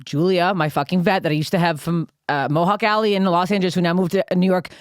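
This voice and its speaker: Woman, young adult, from Canada, podcast co-host, fast animated profane storytelling, dry sound. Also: lowish voice, no echo. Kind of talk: casual storytelling chat.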